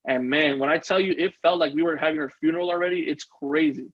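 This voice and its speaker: A man's voice: fairly high pitch, fairly even intonation, fast, dull audio. A man telling a personal story as a podcast guest, earnest and rambling, often restarting his sentences. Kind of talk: casual interview storytelling.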